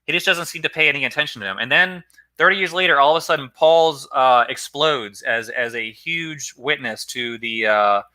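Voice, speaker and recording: Bright-voiced man lecturing casually. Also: medium pitch, normal speed. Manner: rambling, self-correcting, conversational; greets viewers in a live chat. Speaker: philosophy channel host. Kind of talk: casual lecture on early church history.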